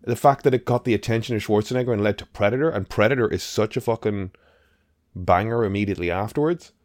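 A podcast co-host, male, gives a rambling, emphatic take on a film in casual conversation, dropping the occasional curse. He talks fast in a fairly low, slightly mellow voice, and the studio-quality recording has no echo.

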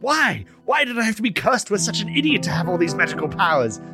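A man voicing a bossy, scornful male talking magic hat that scolds in a shrill, exasperated voice. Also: big pitch swings, quick pace. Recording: music playing underneath.

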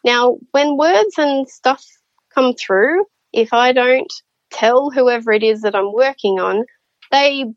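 Speaking slowly in a high-pitched voice, a spiritual medium tells casual stories as a podcast guest, animatedly voicing the people in them. The sound is lo-fi, with no room sound.

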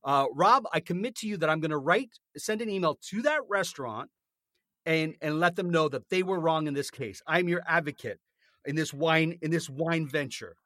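A North American man co-hosts a podcast, telling a story as a casual, indignant rant and swearing freely. His voice sits on the high side and is expressive and fairly bright, at a normal speed. The studio-quality recording has no echo.

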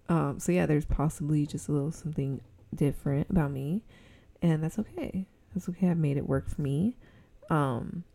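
A young woman hosting her own podcast, rambling in a casual solo chat and breaking often into loud giggly laughter. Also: deep voice, gravelly. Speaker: podcast host.

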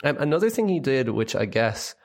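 Chatting casually about films as a podcast co-host, a man swears and leans heavily on "like" and other fillers. His gravelly, mid-range voice swings widely in pitch and moves fairly quickly.

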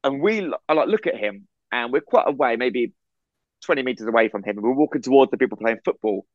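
A man from England, co-hosting a podcast, telling a story in a casual, animated way over a video call. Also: mid-range voice, quick pace, no room sound, dull audio. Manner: animated storyteller, acts out quoted voices. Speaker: podcast co-host.

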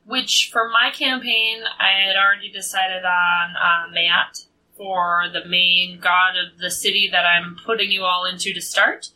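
Bright woman chatting from off-mic. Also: fairly low pitch, level tone, a little slow, recorded from a distance, low-quality recording. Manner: agreeable, chipping in with short replies and laughs. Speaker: game master. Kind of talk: casual chat.

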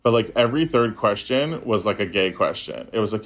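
A young man casually telling a personal story in a chat, animated and acting out the voices of people he quotes. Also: fairly quick. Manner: animated storyteller, acts out quoted voices with big pitch jumps. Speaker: podcast guest.

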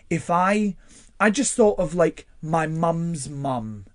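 A man's voice: a little high, unhurried, no echo. A young man in a studio interview, telling personal stories expressively with many fillers. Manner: expressive storyteller with frequent fillers and laughs. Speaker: guest. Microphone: studio microphone.

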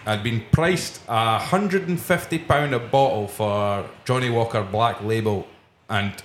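A Scottish man with a fairly low voice tells a casual story, laughing as he goes. He hosts a podcast, recorded in a roomy back room of a pub with faint chatter behind him. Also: a little slow, a little hiss or hum. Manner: laughs often while telling stories. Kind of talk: casual anecdote telling.

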